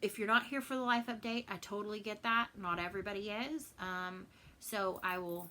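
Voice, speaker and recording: A woman's voice: mid-range voice, steady tone, moderate pace, bright, forceful tone, low-quality recording. A woman from Texas in a casual home vlog, chatting and rambling with many fillers and repeated words. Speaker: cross stitch vlogger. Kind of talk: casual chat.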